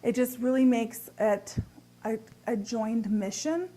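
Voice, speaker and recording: A woman with a slightly higher voice talks straight to the viewer about relationships. She sounds upbeat and earnest, like a coach walking through numbered tips one by one. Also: slow pace, dark tone. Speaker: relationship advice host. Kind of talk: direct-to-camera advice talk.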